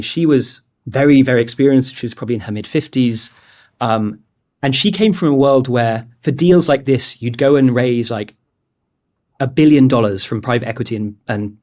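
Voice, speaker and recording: In a casual interview, the guest is a startup founder from England in his late twenties, speaking in a darkish, mid-range voice. His story about the startup is candid and rambling, peppered heavily with "like".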